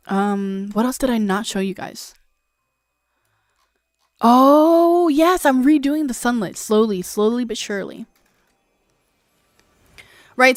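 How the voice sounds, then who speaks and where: A woman's voice: on the high side, no room sound, clean studio sound. A young adult woman streaming a game, chatting casually, rambling and laughing as she gets sidetracked. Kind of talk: casual gameplay stream chat.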